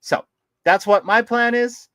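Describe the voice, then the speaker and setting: A man co-hosting a casual livestream about collectibles, animated and laughing often as he greets viewers by name. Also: extremely high pitch, unhurried, no room sound. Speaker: livestream co-host.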